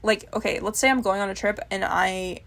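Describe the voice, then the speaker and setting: A woman's voice: medium pitch, fairly even intonation, a little fast, gravelly, fairly bright tone. A young woman talking candidly to camera in a casual vlog, swearing freely and laughing at herself. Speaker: vlogger. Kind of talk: casual confessional chat.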